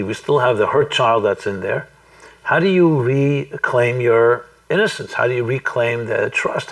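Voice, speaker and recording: A man, a rabbi, telling a story to a live group, speaking thoughtfully and deliberately with frequent restarts. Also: mid-range voice, gravelly, distant mic, low-quality recording. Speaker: rabbi giving a talk. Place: room with a small audience.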